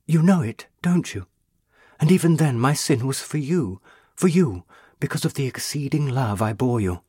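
A man voicing a young female ghost, a burned witch, speaking in a pleading, tender and intense way with a husky voice. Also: mid-range voice, darkish tone, dry recording, clean studio sound.

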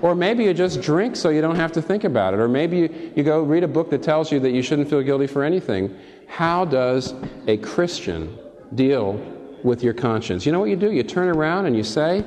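Impassioned preacher in a reverberant hall. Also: male voice, lively intonation, moderate pace. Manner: impassioned, swinging from high emphatic peaks to soft low asides; addresses listeners directly with rhetorical questions. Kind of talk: sermon. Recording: long reverb from a large hall.

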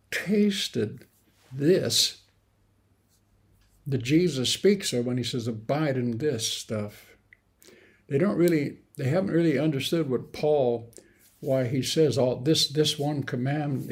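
Gravelly earnest male preacher. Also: mid-range voice, darkish tone. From grew up in the mountains. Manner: earnest, rising emphatic bursts with halting restarts. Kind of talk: sermon.

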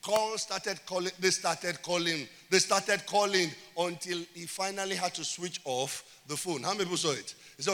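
Male pastor, high bright voice, emphatic sermon with call-and-response, reverberant church hall. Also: normal speed, few pauses.

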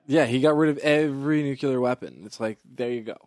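A man's voice: mid-range voice, a little mellow, dry recording. A man in a casual movie podcast, joking and teasing his co-hosts. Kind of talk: casual movie-review chat.

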